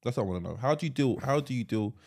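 A man's voice: mid-range voice, expressive, very fast, darkish tone, husky. A man co-hosting a casual podcast, laughing often and repeating himself as he talks. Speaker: podcast co-host. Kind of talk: casual chat.

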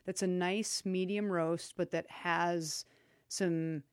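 A woman sommelier co-hosting a podcast in casual chat, talking in a chatty, animated way with loose asides and laughter. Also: on the low side, takes it slowly, clean tone, no room sound, clean studio sound.

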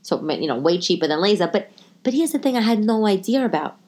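A middle-aged woman hosting a podcast, telling a long story in a chatty, animated way with lots of restarts. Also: medium pitch, fast talker. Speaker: podcast host. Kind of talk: casual storytelling monologue.

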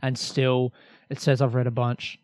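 A man's voice: medium pitch, little pitch movement, unhurried, darkish tone, no room sound. A young Australian man hosting a solo comedy podcast, rambling energetically with lots of swearing and self-mockery.

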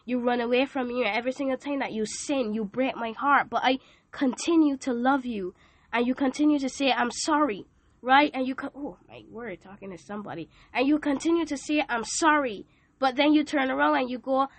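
A woman's voice: high-pitched, fairly quick, dry recording. A woman hosting a podcast, giving an emphatic, preachy devotional talk with joking asides. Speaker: podcast host.

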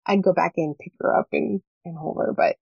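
A woman's voice: on the low side, a little fast, creaky, slightly rough, no echo. A woman in her thirties, a parenting coach chatting as a guest, earnest and talkative with lots of fillers. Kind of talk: casual interview chat. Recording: dry, slightly dull lo-fi sound.

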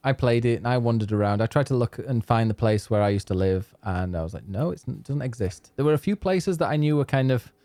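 A man from England co-hosting a casual chat, making dry, teasing, deadpan quips. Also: medium pitch, fast talker, few pauses, no room sound. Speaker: podcast co-host.

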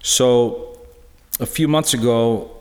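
A middle-aged man giving a personal testimony talk in a church, halting and earnest, full of restarts. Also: medium pitch, a little mellow. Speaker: lay speaker sharing a personal witness. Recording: echoey church hall.

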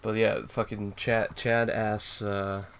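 A man's voice: lowish voice, flat delivery, slow pace, fairly bright tone, smooth. A man co-hosting a casual chat about a comic, explaining at length with many fillers and swearing. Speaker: co-host reviewing a comic.

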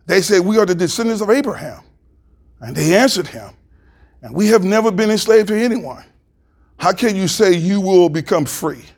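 A man preaching a sermon as pastor, reading scripture aloud and rising louder and higher to stress his points. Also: expressive, moderate pace.

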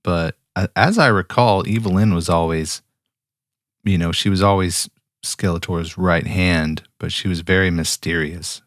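A man with a very low, deep voice talks casually as a podcast co-host. He makes laid-back, musing comments with chuckling asides, and the recording sounds dry and close, with no room echo. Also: fairly even intonation, unhurried. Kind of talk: casual recap chat.

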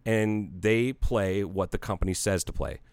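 A forty-year-old man from Ohio tells a story in casual podcast talk and acts out both sides of the conversation. His voice sits a bit low and comes across smooth and clear. The sound is dry and close, with no room around it. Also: a little slow, no room sound. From Ohio, United States. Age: 40s. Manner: casual, swears freely.

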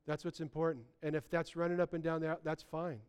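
A man preaching a sermon in a lively, conversational way, often restarting his sentences. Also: fairly high pitch, quick pace, clean tone. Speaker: pastor.

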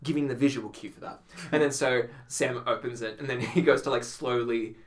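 Speaking a little fast in a mid-range voice, this podcast guest spins lively stories during a casual chat. He frequently laughs and performs the lines he quotes.

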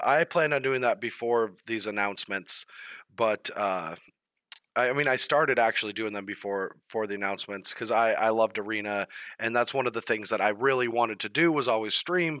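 A man's voice: mid-range voice, sharp tone, dry recording. A man co-hosting a casual gaming podcast, talking loosely with many fillers and restarts. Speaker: podcast co-host, pro card player. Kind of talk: casual panel chat.

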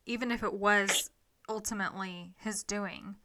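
A woman hosting a podcast, chatting casually with a guest and joking and reacting with quick interjections. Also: mid-range voice, steady tone, background noise. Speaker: podcast host.

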